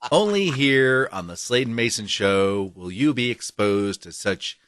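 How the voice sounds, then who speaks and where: A man hosts a comedy podcast with a bright, lively voice that swings up and down. He banters playfully, grumbling for laughs, and the sound is close and dry. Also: mid-range voice, measured pace, no room sound. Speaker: podcast host.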